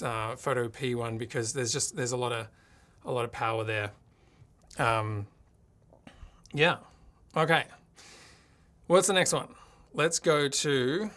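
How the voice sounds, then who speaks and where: A man's voice: medium pitch, fairly bright tone. A man from Australia hosting a live tech tutorial from his home streaming studio, talking casually and thinking aloud as he works his gear. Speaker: livestream host.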